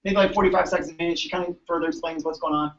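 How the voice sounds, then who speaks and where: A man, a chiropractor, telling patient stories to colleagues in an animated, chatty way, often asking "right?". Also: fairly high pitch, very fast. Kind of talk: storytelling talk to an audience. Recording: echoey room, distant dull mic.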